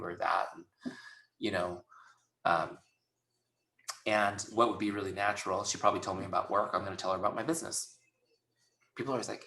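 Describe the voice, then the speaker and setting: A man's voice: medium pitch, fast, sharp tone, roomy sound. A man running a webinar training, talking casually and acting out both sides of conversations. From Southern California. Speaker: sales trainer.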